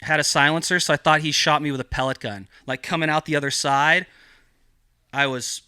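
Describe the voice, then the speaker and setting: A man's voice: on the high side, fairly quick, smooth, no room sound, studio quality. A man telling a personal story on a podcast, swearing constantly and filling his talk with "like" and "dude.". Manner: profane, animated, heavy filler "like". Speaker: podcast guest. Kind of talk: casual storytelling.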